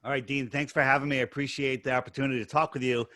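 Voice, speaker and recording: On a podcast, a middle-aged American man tells his story in casual interview talk, emphatic and coming in quick bursts. His medium-pitched voice is level, bright and forceful, captured in a dry recording.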